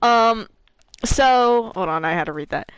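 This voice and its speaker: A woman streaming a game, chatting her way through its story with a lot of swing in her pitch and bursts of laughter. She swears freely and jumps into quick voices for each character. The sound is close and dry, with no room around it. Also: animated, clear, resonant tone, no echo, poor audio. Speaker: gaming streamer. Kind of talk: casual lore retelling while gaming.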